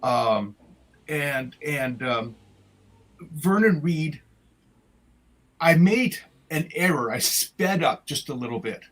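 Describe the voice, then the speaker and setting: An older man, a retired music teacher, telling stories from his past in a halting way with many restarts, speaking over a video call. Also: on the high side, expressive, a bit bright, low-quality recording. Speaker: retired music educator, guest. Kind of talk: conversational storytelling.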